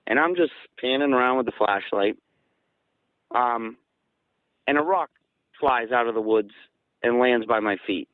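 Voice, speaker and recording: A man from southeastern Massachusetts, a guest casually recounting events in an animated way and acting out the dialogue. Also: mid-range voice, measured pace, pauses often, no echo, low-quality recording. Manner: animated, acts out quoted dialogue. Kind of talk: casual storytelling.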